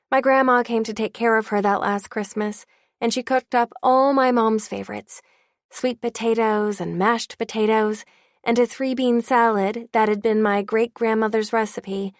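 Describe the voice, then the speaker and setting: Gravelly young woman reading an audiobook. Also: mid-range voice, no echo, studio quality. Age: young adult. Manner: wry, confiding first-person voice. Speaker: audiobook narrator. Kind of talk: first-person audiobook narration.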